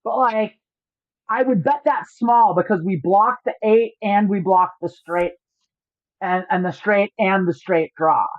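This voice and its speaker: A woman's voice: medium pitch, a little slow, dry recording. A woman streaming poker online, explaining her hands in a joking and profane way. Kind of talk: livestream commentary. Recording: dry, slightly dull lo-fi audio.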